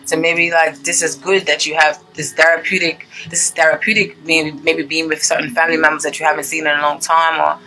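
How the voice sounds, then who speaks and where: A woman's voice: low-pitched, little pitch movement, a little fast, few pauses, pushed and bright, rough recording. A woman giving a casual tarot reading to her viewers, chatty and gushing, checking in with "okay?" often. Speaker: tarot reader.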